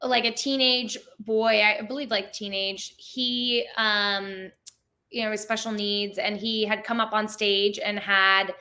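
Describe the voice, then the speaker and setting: Bright-voiced chatty young woman. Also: mid-range voice, steady tone, takes it slowly. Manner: chatty, many "like" fillers, laughs often. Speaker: theme park performer, interview guest. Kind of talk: casual interview storytelling.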